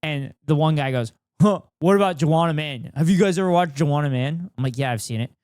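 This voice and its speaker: A man's voice: fairly high pitch, brisk, a little mellow, smooth, no room sound, studio quality. A young man streaming, chatting casually and ranting with heavy swearing and sarcasm. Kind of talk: casual stream chat, reacting and reading chat.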